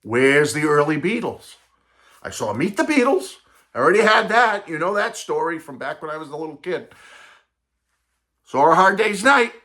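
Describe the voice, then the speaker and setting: A man in his sixties hosting a vlog, telling a nostalgic personal story in a chatty, animated way, talking straight to his viewers. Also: high voice, moderate pace. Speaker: vlog host and record collector.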